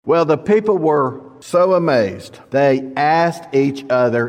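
Slow-spoken man preaching in a reverberant hall. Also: mid-range voice, lively intonation. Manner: slow, plain storytelling with asides to the audience. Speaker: Bible teacher. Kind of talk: Bible teaching sermon, reading scripture aloud.

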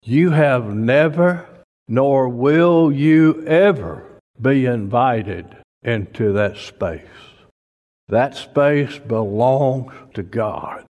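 A preacher delivering a folksy sermon, emphatic and slow-paced, his voice pushing up toward near-shouts. He sounds like he's in a church, with a long reverb hanging on every word. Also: medium pitch, animated, muffled recording.

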